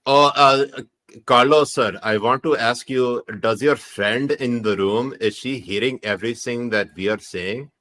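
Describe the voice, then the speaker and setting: A man plays a Pakistani-accented uncle who spins wild conspiracy theories, with a formal, sir-heavy manner. The voice sits up high and pushes loud, well above his plain talk. It plays as a comic podcast bit. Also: unhurried. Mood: mock-stern. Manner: formal, addresses everyone as sir. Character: male desi uncle spinning conspiracy theories.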